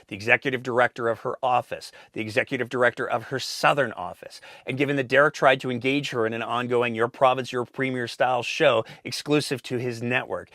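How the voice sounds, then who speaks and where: A man's voice: medium pitch, fairly bright tone, no echo, clean studio sound. A man hosting a show, reading scripted political commentary in a pointed, sarcastic manner. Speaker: host.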